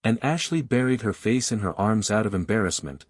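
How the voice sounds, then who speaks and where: A man narrating a first-person romance story in a flowing, steady manner, carrying long run-on sentences. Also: lowish voice, fairly quick, no room sound, clean studio sound.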